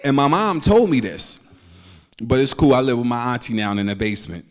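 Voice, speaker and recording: A man's voice: medium pitch, sing-song, fairly quick. Slangy stand-up comic man. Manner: loose slangy storytelling, acts out quotes. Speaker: stand-up comedian. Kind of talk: stand-up comedy set.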